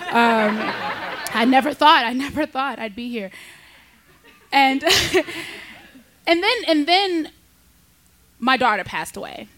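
Candid, animated woman comedian sharing a story. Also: takes it slowly, long pauses. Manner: candid, animated, jumps high in pitch for quoted voices, laughs between lines. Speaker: stand-up comedian. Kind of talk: personal storytelling on stage.

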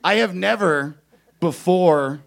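A young man doing stand-up, telling a story with lots of energy, shouting out other people's lines and laughing as he goes. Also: sits high, takes it slowly, vocal fry. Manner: animated, shouts kid voices, laughs at own story. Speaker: stand-up comedian.

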